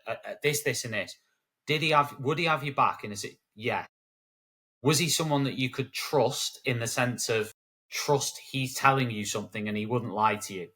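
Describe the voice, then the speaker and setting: Bright-voiced animated British man. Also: mid-range voice, slightly rough. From United Kingdom. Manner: animated storyteller who acts out quoted voices. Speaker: guest, education broadcaster. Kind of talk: conversational interview.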